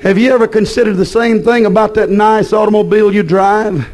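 A man preaching a fiery evening church sermon in a chanted, repetitive way with sudden shouted peaks. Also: high-pitched, fairly even intonation, brisk.

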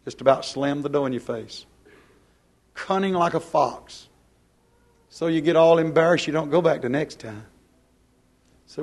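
A man preaching a plain-spoken, folksy sermon, swinging from loud to hushed. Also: a little high, unhurried, long pauses.

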